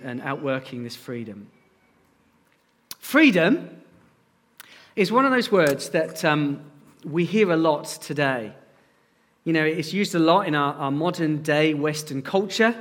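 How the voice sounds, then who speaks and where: Man preaching a sermon, lively swooping delivery, high voice. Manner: animated, addresses the congregation directly. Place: church.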